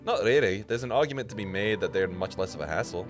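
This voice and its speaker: A man's voice: low voice, expressive, fast. A man voicing an ancient, chatty, boastful male skull mage who rambles gleefully and tries an accent. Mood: rambling. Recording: music playing underneath.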